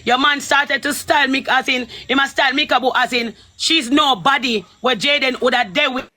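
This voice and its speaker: High, bright Jamaican woman ranting furiously. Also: a little fast. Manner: furious, cursing rant in patois. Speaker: caller on a live stream. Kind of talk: heated live stream argument.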